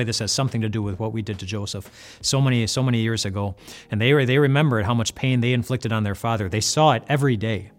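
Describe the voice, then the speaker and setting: A man giving an earnest devotional retelling of a Bible story, often repeating words as he goes. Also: lowish voice.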